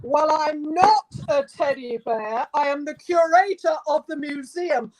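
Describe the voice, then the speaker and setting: A woman quoting a stern male museum curator who scolds a visitor, in her own high voice. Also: measured pace, darkish tone, poor audio. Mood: indignant. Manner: indignant, scolding.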